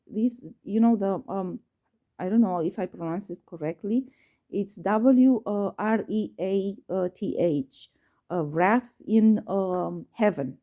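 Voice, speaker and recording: A woman's voice: mid-range voice, takes it slowly, mellow. A woman vlogger telling a personal story to camera, hesitant with many fillers and restarts, emphatic and repetitive, swearing when upset. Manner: emphatic, repeats herself.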